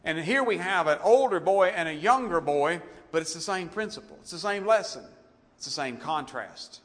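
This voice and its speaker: A man preaching a sermon with passion, shifting between loud emphasis and hushed, tender passages. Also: on the high side, animated, normal speed. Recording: long hall reverb.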